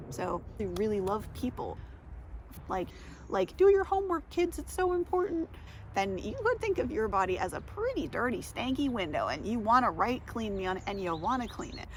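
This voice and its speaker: A woman's voice: mid-range voice, sing-song, moderate pace, a bit bright, slight background noise. A woman vlogger chatting casually outdoors, rambling, giggling and tripping over her words. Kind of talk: rambling casual vlog talk.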